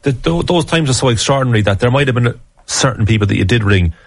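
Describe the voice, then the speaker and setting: A man hosting a casual interview, prompting his guest with quick questions. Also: medium pitch, animated, creaky, dry recording. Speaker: podcast host.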